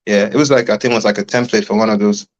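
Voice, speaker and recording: A man's voice: on the low side, fairly even intonation, racing, muffled recording. A man from Cameroon chatting casually as an interview guest, loose and rambling, full of fillers.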